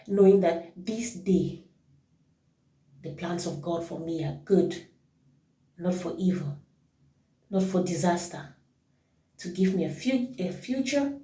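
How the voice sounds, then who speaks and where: A woman with a low, dark voice gives an informal devotional talk as a worship leader. She is reflective, thinking aloud and correcting herself as she goes. The recording has a roomy echo, with the mic at a distance.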